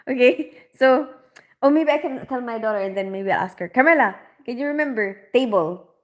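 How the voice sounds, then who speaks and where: A woman's voice: a little high, lively intonation, fairly quick. A woman, hosting a casual livestream and reading viewers' comments aloud, chatty and rambling with frequent laughs. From Philippines. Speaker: livestream host.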